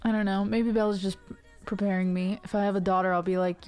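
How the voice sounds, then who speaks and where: A woman's voice: medium pitch, fairly even intonation, fairly quick, a little mellow. A woman music streamer chatting casually and affectionately with her viewers, laughing often.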